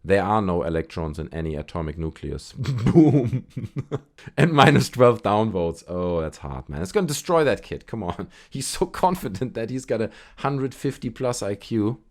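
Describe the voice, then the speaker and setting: Male host, casual comedic commentary, amused and chatty, lively pitch swings. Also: normal speed. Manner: amused, chatty, laughs often. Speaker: channel host reading posts.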